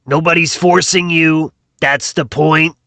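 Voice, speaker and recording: A cartoon mad-genius old man talks down to everyone, as a man puts him on. The voice is gravelly and slow. He sounds dismissive and bored. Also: on the high side, steady tone, pushed and bright, dry recording, voice pushed down. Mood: condescending. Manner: condescending, dismissive. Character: arrogant genius old male scientist.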